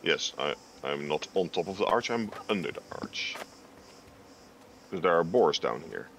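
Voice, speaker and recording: A man with a very deep, gravelly voice trades dry, teasing banter during a game stream. His delivery swings widely in pitch. A faint hiss runs underneath. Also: lively intonation, normal speed, a bit bright. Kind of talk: casual gameplay chat.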